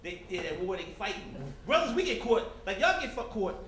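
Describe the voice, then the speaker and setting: High-voiced, animated male stand-up comic. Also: a little hiss or hum. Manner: animated, teasing the crowd, jumps into quick character voices. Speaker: stand-up comedian. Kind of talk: stand-up comedy routine. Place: comedy club stage before a live audience. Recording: echoey club with crowd laughter.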